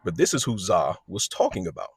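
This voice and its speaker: A man's voice: deep voice, sing-song, a little fast, breathy edge, no room sound. A man telling a story in a casual, conversational way, often checking in with the listener. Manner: conversational, with frequent check-ins and restarts. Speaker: storyteller recounting a work incident.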